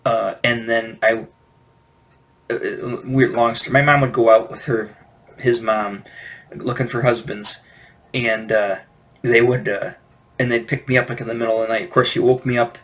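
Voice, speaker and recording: Man in his forties, casual vlog host, rambling, self-correcting, mid-pitched voice. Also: steady tone, normal speed, pauses often, fairly bright tone. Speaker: toy collector host.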